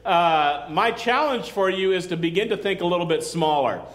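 A man's voice: high-pitched, expressive, moderate pace, fairly bright tone, a little hiss or hum. A male pastor preaching a sermon in a loose, conversational way, with joking asides and calls for amen.

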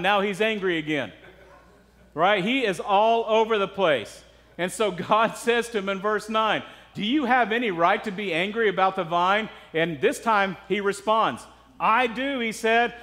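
A pastor with a high, fairly bright voice delivers a sermon in a church sanctuary, keeping it conversational and asking the congregation rhetorical questions. The big hall adds a long reverb.

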